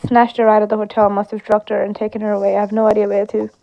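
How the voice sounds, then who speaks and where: A woman reads out an interactive game's dialogue, giving every character her own voice. Her tone is gravelly and flat, with little melody. The recording sounds a bit dull and lo-fi. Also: medium pitch, very fast. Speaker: gameplay streamer. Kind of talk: reading game dialogue aloud.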